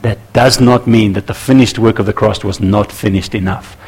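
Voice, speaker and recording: Gravelly husky male preacher. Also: fairly low pitch, moderate pace. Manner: animated, acts out little scenes with voices. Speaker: pastor. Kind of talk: sermon.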